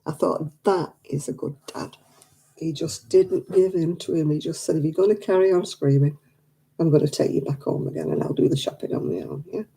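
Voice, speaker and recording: A woman's voice: sits low, brisk, creaky, dark tone. An older woman, telling stories in casual chat and acting out the dialogue. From England. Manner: chatty, acts out quoted dialogue. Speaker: craft night participant.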